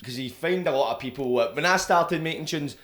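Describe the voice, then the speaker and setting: A man's voice: a little high, fairly quick, fairly bright tone. A man hosting a podcast, chatting casually and swearing freely. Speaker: podcast host. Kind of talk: casual chat.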